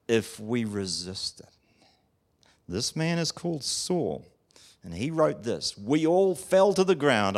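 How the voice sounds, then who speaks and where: A man preaching a sermon in an emphatic way, often asking his listeners questions. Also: medium pitch. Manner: animated, emphatic, asks the audience questions.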